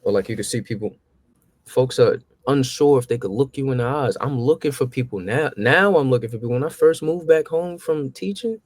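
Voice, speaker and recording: This young man talks fairly quickly, recorded with no room sound, as he tells stories in a casual chat. He animatedly reenacts his own past exchanges, his pitch climbing.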